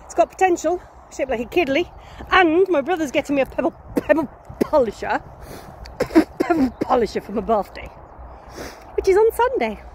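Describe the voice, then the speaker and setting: A woman in her fifties with a Nottingham English accent, rambling playfully to her phone as she walks a country lane. Her voice sits high, with a sniffly edge. Faint outdoor noise hums behind her. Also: expressive, moderate pace, pauses often. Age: 50s. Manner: chatty, whimsical, playful with made-up words. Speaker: vlogger. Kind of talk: casual rambling chat to camera.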